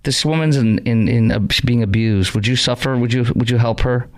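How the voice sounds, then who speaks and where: A man's voice: mid-range voice, brisk. A man hosting a talk radio show, talking in a sarcastic, rambling, mocking way from a studio.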